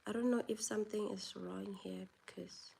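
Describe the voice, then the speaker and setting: A woman's voice: mid-range voice, fairly even intonation, moderate pace, vocal fry, mellow, a little hiss or hum. A woman from South Africa with a South African accent, hosting a casual live chat and reading out viewer questions before answering them. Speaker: livestream host.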